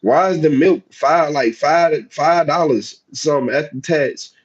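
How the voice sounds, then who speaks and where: A man's voice: a little high, unhurried, breathy edge, lo-fi sound. A man with a Southern US accent who grew up in the United States, talking casually and chattily to his chat as a livestream host. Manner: chatty, laid-back, talks straight to chat.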